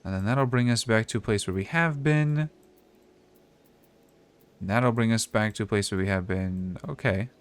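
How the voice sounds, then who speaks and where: A man's voice: fairly low pitch, moderate pace, pauses often, clear, resonant tone. Chatty man streaming a game. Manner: relaxed, chatty, thinking aloud. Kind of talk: casual gameplay commentary.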